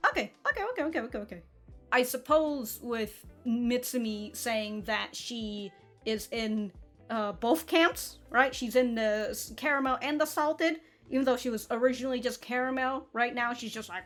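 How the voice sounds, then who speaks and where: A woman's voice: a little high, measured pace, a bit bright, faint music behind. A woman hosting an anime reaction video, talking casually with frequent laughs and stumbles. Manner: chatty, laughs often, stumbles and restarts. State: feeling hot.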